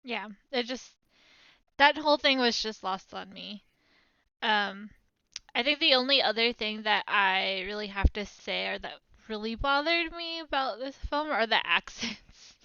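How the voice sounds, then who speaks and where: A woman's voice: fairly high pitch, a little slow, bright, forceful tone, smooth, no echo, muffled recording. A woman co-hosting a podcast, chatting candidly about a film with giggly asides. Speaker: podcast co-host. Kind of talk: casual film discussion.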